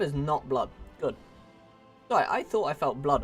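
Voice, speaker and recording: A man's voice: a little high, sing-song, normal speed, long pauses, faint music behind. A young man giving casual, jokey commentary while playing a strategy game, full of chatty self-mocking asides. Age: young adult.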